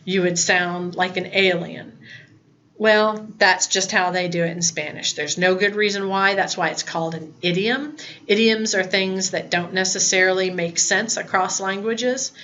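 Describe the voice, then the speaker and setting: A woman's voice: medium pitch, steady tone, measured pace, bright, forceful tone, lo-fi sound, a little hiss or hum. A woman in her fifties teaching a recorded Spanish lesson, plain-spoken and chatty, with asides. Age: 50s.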